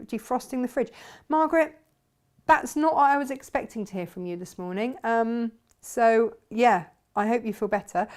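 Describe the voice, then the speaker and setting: A middle-aged woman with a slightly high voice hosts a relaxed live stream for a fabric shop. She chats along, reads viewer comments aloud, and laughs often.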